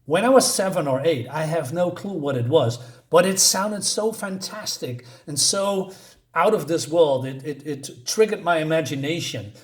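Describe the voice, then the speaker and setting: A man's voice: on the high side, normal speed. A man reviewing a comic book in a casual, rambling way, full of fillers and small chuckles. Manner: rambling, hesitant, many fillers; chuckles between points.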